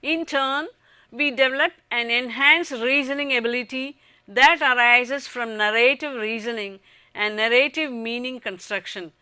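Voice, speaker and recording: A woman with an Indian English accent reading a scripted lecture on teaching, in an even, formal way. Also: fairly high pitch, measured pace, clean tone, dry recording. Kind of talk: scripted educational narration.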